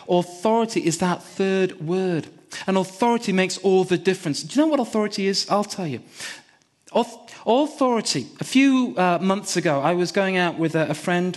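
A man delivers a sermon in a fairly high voice. He tells a personal story and leans hard on repetition to drive each point home. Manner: emphatic, repeats key words. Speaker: preacher.

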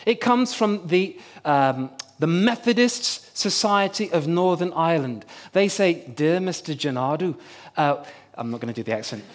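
High-voiced man preaching. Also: normal speed. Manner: animated storytelling with humor. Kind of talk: sermon with personal story.

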